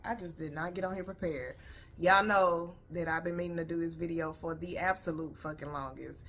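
A woman vlogger with a lowish, steady, slightly bright voice chats casually with her viewers in a reaction video, talking a little fast. She's blunt and profane, sounding tired, her voice a bit worn. She's wearing headphones.

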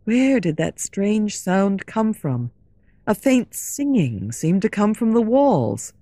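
A woman narrating a classic story slowly and clearly for English learners. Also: medium pitch, no room sound, studio quality. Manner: slow, clear, expressive storytelling.

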